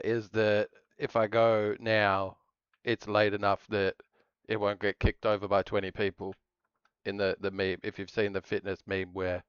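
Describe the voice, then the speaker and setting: Rambling, jokey low-voiced man streaming. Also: clean tone, dry recording, lo-fi sound. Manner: rambling, jokey, self-interrupting. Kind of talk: casual live-stream chatter.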